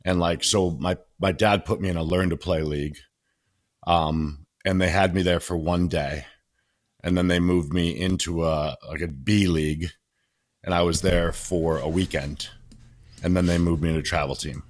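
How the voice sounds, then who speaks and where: A man's voice: deep voice, steady tone, moderate pace. A man co-hosting a podcast, a former pro bodybuilder, talking in a rambling, self-mocking way. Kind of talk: casual chat.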